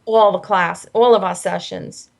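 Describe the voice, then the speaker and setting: A woman's voice: mid-range voice, a little slow, creaky, muffled recording. Woman telling stories as an interview guest. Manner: animated storyteller, acts out quoted voices. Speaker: guest, hypnosis healing practitioner. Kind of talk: conversational interview storytelling.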